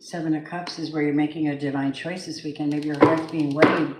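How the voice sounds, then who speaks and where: Brisk and fairly even in intonation, this tarot reader's low-sitting voice carries through reverberant sound and heavy background noise. Reading live, she showers her viewers with effusive praise and drops the occasional swear word.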